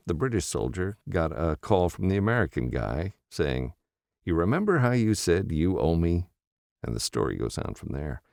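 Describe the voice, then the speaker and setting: A man narrating an audiobook, opening with a relaxed, conversational introduction. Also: low-pitched, creaky, no room sound, studio quality.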